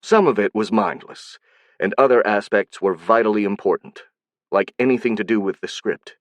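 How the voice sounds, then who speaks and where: Low-voiced male audiobook narrator. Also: moderate pace, dry recording.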